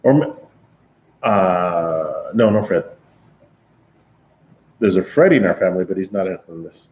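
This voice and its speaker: A man's voice: low-pitched, big pitch swings, unhurried, long pauses, a little mellow, lo-fi sound. A man hosting a livestream, casually telling a long, laughing story to his chat with lots of restarts. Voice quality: rambling, laughing, with frequent restarts. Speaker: livestream host.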